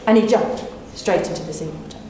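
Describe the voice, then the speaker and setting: A woman's voice: mid-range voice, a little fast, darkish tone. A woman storyteller performing live for a small audience, playful and teasing. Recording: echoey room with faint hum.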